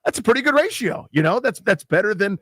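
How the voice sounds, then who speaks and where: A sports talk radio co-host, a man whose voice sits a little high and swings widely up and down. He argues his points casually and often stumbles over repeated words. His voice sounds dry and close, with no room sound. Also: fast, no echo. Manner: animated, argumentative, repeats words when thinking. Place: live remote broadcast booth.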